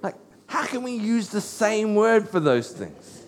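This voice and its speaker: A pastor giving a sermon in an earnest way, repeating key phrases for emphasis. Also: male voice, high-pitched, big pitch swings, unhurried, a little hiss or hum.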